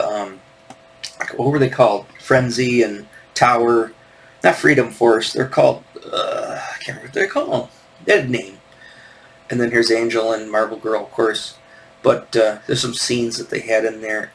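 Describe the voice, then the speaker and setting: A middle-aged man in a loose, rambling solo chat, full of "you know" and restarts. His voice sits in an ordinary middle pitch. He sounds relaxed and enthusiastic as he clicks through pages. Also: creaky, low-quality recording. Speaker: comic artist and video host. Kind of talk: casual solo talk, screen-share commentary.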